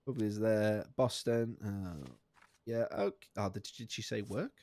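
A man giving live commentary on a game he is playing, jokey and sweary, laughing often, with sudden high squeaks of outrage. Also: fairly even intonation, slow, a little mellow, no room sound. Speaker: streamer.

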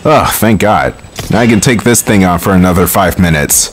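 Recording from home, a man gives casual let's play commentary in a wry tone, swearing often and having quick bursts of frustration. His voice is low-pitched and animated, with a little hiss or hum.

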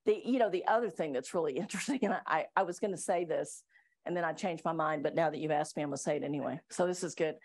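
A middle-aged woman attorney gives a live workplace training talk to staff in a meeting room, her low-pitched, slightly mellow voice moving at a quick pace. She's chatty and self-deprecating, often laughing between points.

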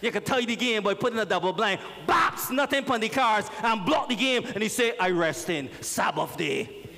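A man, a pastor preaching a lively, joking sermon and calling out to his congregation. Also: very high-pitched, a little fast. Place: church sanctuary. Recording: reverberant church hall.

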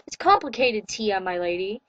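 A woman's voice: mid-range voice, animated, moderate pace, a bit bright, dry recording, dull audio, close to an everyday voice. A woman voicing a lovestruck teenage boy vampire with old-fashioned, courtly speech.

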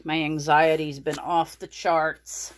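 A woman's voice: low-pitched, level tone, slow. A woman hosting a casual pet unboxing vlog, talking fondly to her rabbits and a little out of breath. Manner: cooing baby talk to her rabbits. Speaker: pet channel host.

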